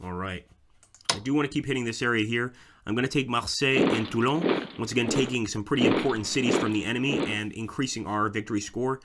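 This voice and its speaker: A man's voice: mid-range voice, fairly even intonation, quick pace. Chatty man narrating a strategy game. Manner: chatty, thinks aloud, keeps addressing viewers as guys. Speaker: let's play host. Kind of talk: casual gameplay commentary. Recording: loud background noise.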